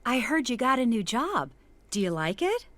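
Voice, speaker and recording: Brief: woman voicing a cheerful friend, higher voice, lilting, dry textbook audio. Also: sing-song, normal speed, a bit bright, dry recording. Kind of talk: scripted textbook dialogue.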